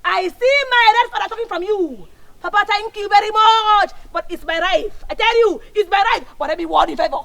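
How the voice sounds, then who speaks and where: A woman's voice: very high-pitched, a little fast, creaky, fairly bright tone, heavily acted. An actress with a Nigerian accent playing a headstrong, quarrelsome young village woman who slips into Pidgin. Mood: confrontational. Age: young adult. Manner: quarrelsome, defiant, mixes Pidgin. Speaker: troublesome village daughter. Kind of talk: Nollywood film drama.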